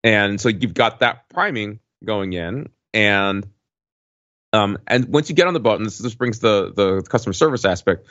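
Podcast host, man in his forties, low voice, rambling and filler-heavy, dry dull mic. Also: normal speed, a bit bright, dry recording. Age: 40s. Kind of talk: casual chat.

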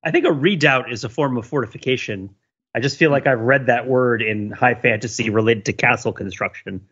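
A man with a husky voice thinks aloud in a casual podcast chat. His pitch is ordinary and mid-range. The mic sounds dull and lo-fi. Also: brisk, a bit bright.

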